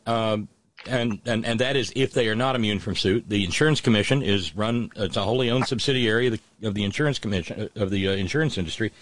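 Halting, consoling middle-aged man host. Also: on the low side, dry recording. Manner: halting, many restarts, calm and consoling. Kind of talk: emotional live show talk.

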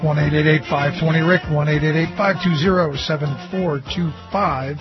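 A man hosting a radio talk show, friendly and brisk, reading out call-in details. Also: on the high side, fairly even intonation. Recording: dull radio broadcast with music.

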